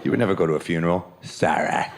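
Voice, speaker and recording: Deep-voiced deadpan man doing stand-up. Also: brisk, heavy background noise. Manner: deadpan, wry delivery with quoted asides. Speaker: stand-up comedian. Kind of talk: stand-up comedy set. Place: comedy club stage with laughing audience. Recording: live club recording with audible crowd.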